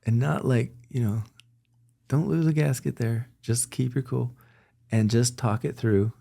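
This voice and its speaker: A guest in an interview speaks in a mellow, medium-pitched voice with vocal fry, a little slowly and with fairly even intonation. He talks candidly, earnestly, and reflectively, often restarting sentences, correcting himself, and giving little laughs.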